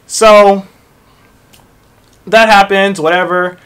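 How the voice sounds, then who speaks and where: A young man telling a work story in a casual storytime rant, profane and animated, dropping into low mutters for asides. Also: slow, smooth.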